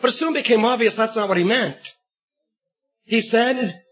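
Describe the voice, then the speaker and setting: On a dull, lo-fi recording, a man with a very high, slightly rough voice preaches a sermon at a moderate pace, pausing often. He reads scripture and tells an illustrative story with emphatic delivery and bursts of shouted emphasis.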